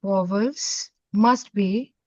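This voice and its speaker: In an online class, a woman teaches French step by step, mixing Hindi with English as she explains. Her mid-range voice is darkish and extremely slow, and the audio is dull, dry and lo-fi.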